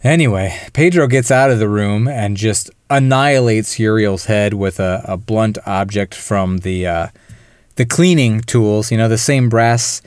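A man with a smooth, clear voice at an ordinary pitch co-hosts a casual film podcast. He walks through the plot step by step and slips into the characters' lines as he goes. The sound is close and dry, with no room around it. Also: unhurried, darkish tone, dry recording. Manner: recaps the plot in detail, acts out characters' lines. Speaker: podcast co-host.

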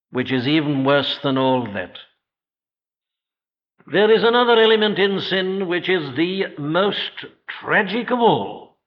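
A man preaching an evening sermon in a church, earnest and rhetorical, putting questions straight to his listeners and slowing down to stress key phrases. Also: fairly high pitch. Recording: dull lo-fi old sermon recording.

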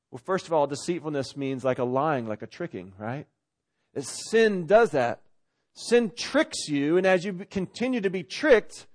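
A pastor delivers a sermon in an easy, chatty way. His voice sits a little high for a man. He pushes to loud, urgent peaks, then falls back to soft, low asides. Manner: conversational preaching with sudden loud swells and quiet drops.

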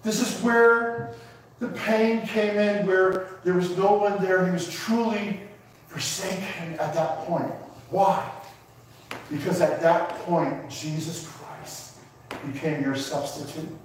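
High-voiced guy preaching slow and emotional, booming echoey church from far off. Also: slight background noise. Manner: emotional, preaching with rising emphatic repetition. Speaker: pastor. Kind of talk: sermon. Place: church sanctuary.

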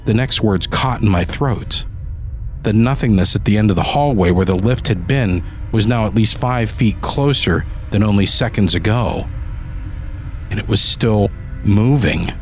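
Man narrating a tense audio drama. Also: lowish voice. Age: adult. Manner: desperate, pleading in dialogue. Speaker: narrator and lead character. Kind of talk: first-person dramatic narration.

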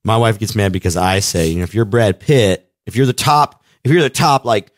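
A man with a low voice rambles through crude, joking podcast banter, restarting his sentences as he goes. His delivery is blunt and profane, and the sound is dry and close. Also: brisk, dry recording. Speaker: podcast co-host.

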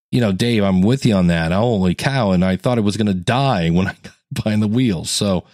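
Male podcast coach, lower voice, dry close mic, lively and conversational, acts out quotes. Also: dry recording. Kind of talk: solo educational podcast monologue.

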